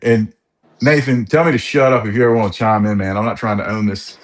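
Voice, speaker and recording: A man's voice: lowish voice, quick pace. A man in his forties on a coaching call, telling his story in a frustrated way and often acting out what was said. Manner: frustrated, retells conversations. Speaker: coaching client. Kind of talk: casual call.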